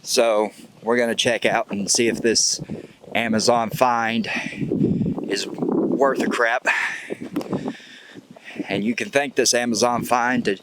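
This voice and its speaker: A man's voice: mid-range voice, steady tone, takes it slowly, long pauses, heavy background noise. A man hosting an outdoor hunting and fishing show, talking in a joking, rambling way while cold outdoors by a creek. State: cold, shivering. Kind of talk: casual outdoor vlog talk.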